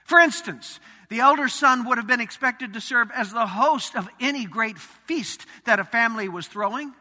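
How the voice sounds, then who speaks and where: A man pastor preaching a sermon in a church sanctuary, dramatic, swinging from loud emphasis to hushed asides. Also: extremely high pitch. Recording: reverberant sanctuary.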